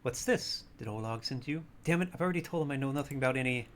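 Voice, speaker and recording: A man voicing a sweet-voiced, evasive woman librarian in a video game, talking softly and primly. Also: medium pitch, fast, a little hiss or hum, lightly acted. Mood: flustered. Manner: soft, prim, sugary and guarded.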